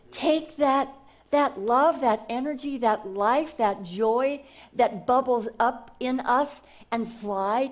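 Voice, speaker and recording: A woman spiritual teacher giving an enthusiastic inspirational talk, repeating herself and restarting phrases often. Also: high-pitched.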